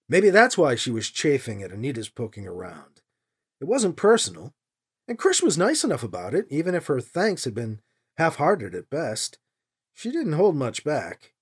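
A woman narrating a novel as an audiobook, with expressive storytelling. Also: deep voice, breathy edge. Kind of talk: scripted narration.

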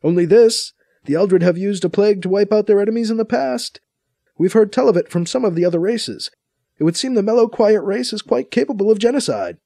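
A man voicing a calm, telepathic male base commander with a wry, authoritative manner. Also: sits high, a little fast, gravelly, dry recording, studio quality, voice pushed up.

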